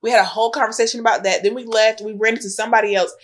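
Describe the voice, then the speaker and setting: A woman's voice: on the high side, steady tone, rapid-fire. A pregnant woman co-hosting a podcast, telling a story in casual chat and acting out the voices of the people in it. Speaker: podcast co-host.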